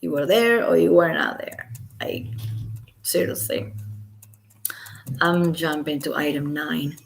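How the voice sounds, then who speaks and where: Woman, lowish pitch, slight vocal fry, casual at-home commentary, sarcastic asides, reads documents aloud. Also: fairly even intonation, slow, slight background noise. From Los Angeles resident. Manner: sarcastic, incredulous asides, occasional whispered remarks. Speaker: commentator reading a court filing.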